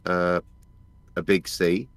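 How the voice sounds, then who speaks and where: Rambling low-voiced caller. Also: male voice, level tone, slow, no echo. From England. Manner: rambling, self-mocking, lots of fillers. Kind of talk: casual chat.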